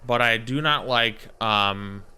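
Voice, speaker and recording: Chatty, bright-voiced male game streamer. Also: mid-range voice, slow, clean tone. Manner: rambling, chatty, talks to his cat. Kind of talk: casual live-stream gameplay chat.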